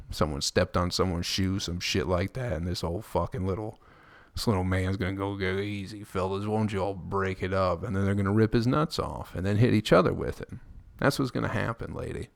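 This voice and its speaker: Crude joking podcast guy, low raspy fry, swears a ton, dead dry mic. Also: no echo. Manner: mimics people in high squeaky voices. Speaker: podcast host. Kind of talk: casual solo podcast monologue.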